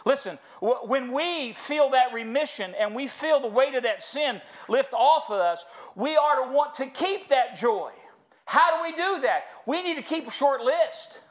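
High-pitched american preacher guy, folksy sermon, y'all this y'all that, telling stories. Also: animated, measured pace. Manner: folksy, storytelling, addresses congregation as y'all. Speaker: pastor. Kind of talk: sermon with humor. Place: church sanctuary.

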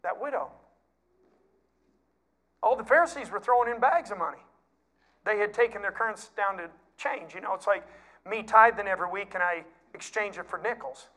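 A folksy pastor preaches with animated storytelling. His voice sits high, and it moves from quiet, hushed stretches to louder, pushed passages. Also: brisk. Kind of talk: sermon.

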